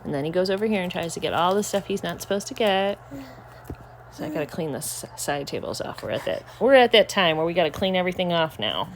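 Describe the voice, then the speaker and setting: An older woman chats to her handheld camera at home, her low voice swinging widely in pitch. She slips into cooing baby talk with a toddler between remarks. A faint hiss sits under the recording. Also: animated, quick pace. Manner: chatty, coos in a high baby-talk voice to a toddler. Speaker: vlogger grandmother. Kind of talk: casual home vlog. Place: home living room.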